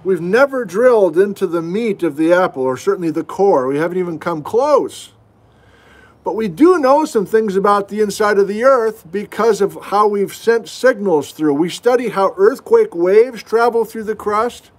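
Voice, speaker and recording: High-voiced chatty male geology teacher. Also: lively intonation, normal speed. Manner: chatty, folksy, self-deprecating asides. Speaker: geology instructor hosting a livestream. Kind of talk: casual livestream lesson answering viewer questions. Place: at home, indoors.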